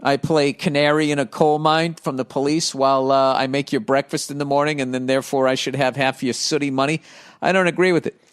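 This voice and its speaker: A man's voice: mid-range voice, fairly even intonation, brisk, smooth. A middle-aged man hosting a podcast, reading listener mail and riffing on it in a profane, sarcastic rant. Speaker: comedian podcast host.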